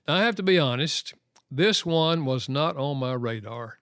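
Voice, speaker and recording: A man's voice: on the high side, lively intonation, moderate pace, a bit bright, clear, resonant tone, no room sound, studio quality. A man who works as a marriage counselor and author, telling stories in an interview and acting out quoted dialogue. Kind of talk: interview storytelling.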